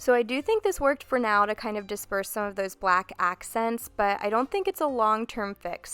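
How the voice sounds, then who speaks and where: A woman's voice: mid-range voice, fairly bright tone, clean tone. A woman in her thirties talking through a home makeover in a chatty, enthusiastic vlog voice-over. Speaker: home decor vlogger.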